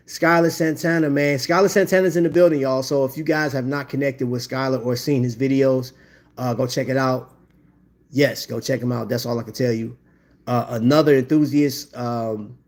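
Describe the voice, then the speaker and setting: A man talks loosely in his middle pitch as he hosts a live stream. He rambles in a friendly way and keeps dropping "bro" and "man" between his thoughts. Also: a little mellow. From Indiana. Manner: laid-back, chatty, says "bro" and "man" a lot. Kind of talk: casual live-stream chat.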